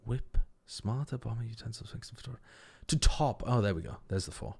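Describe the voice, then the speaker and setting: A man's voice: mid-range voice, expressive, fairly quick, vocal fry, a little mellow, husky. A man hosting a casual livestream, thinking aloud as he works a word puzzle, repeating words under his breath and swearing casually. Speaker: stream host.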